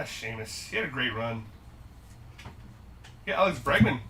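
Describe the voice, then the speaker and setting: A man's voice: on the high side, pushed and bright, far from the mic, slight background noise. A man hosting a live-stream card break, upbeat and jokey as he rattles off the cards pulled.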